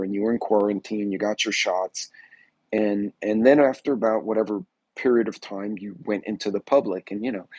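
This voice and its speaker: A man hosts a casual livestream in a folksy, rambling way. His voice sits a little low and sounds husky. The sound is dry and close, with almost no room echo. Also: a little mellow. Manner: rambling, folksy, greets chat viewers by name. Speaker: livestream host. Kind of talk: casual political livestream chat.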